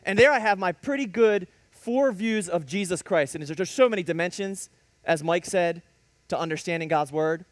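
A male preacher delivering a lively sermon, telling stories and rising to sudden emphatic bursts. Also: high voice, normal speed, no echo. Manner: animated preaching with storytelling and sudden emphatic rises.

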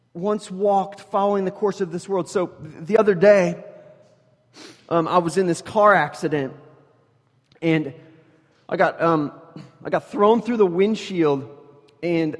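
A man preaching a sermon as pastor, animated, swinging from loud emphasis to hushed intensity, with joking story asides. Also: sits high, in a large hall. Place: church sanctuary.

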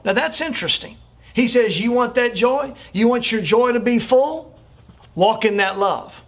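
A man with a high-pitched voice preaches a sermon as a pastor. He presses his points earnestly, repeating phrases and stumbling over fillers as he goes. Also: a little slow. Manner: earnest, repetitive exhortation with frequent fillers.

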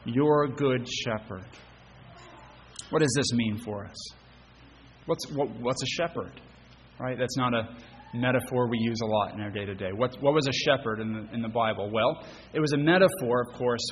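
A man's voice: mid-range voice, in a large hall, slight background noise, poor audio. A man preaching a sermon as pastor. He speaks earnestly, poses rhetorical questions and often repeats words as he rephrases. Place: church sanctuary.

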